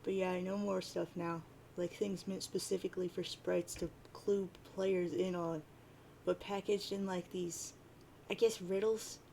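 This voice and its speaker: A woman's voice: fairly low pitch, fairly even intonation, measured pace, gravelly, warm tone, a little hiss or hum. A woman reading out the lines of a cocky teenage boy fused with an orange bird, in a near-plain voice.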